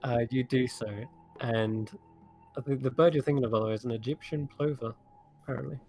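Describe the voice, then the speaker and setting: A man's voice: mid-range voice, fairly quick, a little mellow, soft background music. A man running a tabletop game as game master, describing the scene in a loose, descriptive way.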